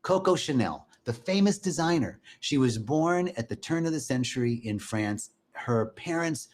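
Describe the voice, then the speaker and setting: A man leads a live-streamed spiritual talk in a conversational, animated way. His voice sits at a middling pitch for a man. He warmly greets viewers by name between teachings. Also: normal speed.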